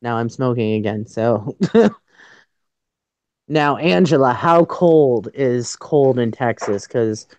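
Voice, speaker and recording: A woman's voice: a bass voice, animated, slow pace, a little mellow, no room sound. A woman from Canada hosting a casual livestream chat from outdoors in freezing weather, shivering and stuttering from the cold and laughing at herself as she jokes. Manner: giggly, self-mocking, joking. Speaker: livestream host.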